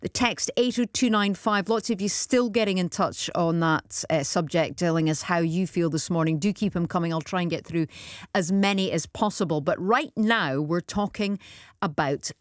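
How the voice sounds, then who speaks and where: A woman's voice: on the low side, normal speed, dry recording. Woman radio phone-in host, dry studio mic, encouraging chat. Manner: chatty and encouraging.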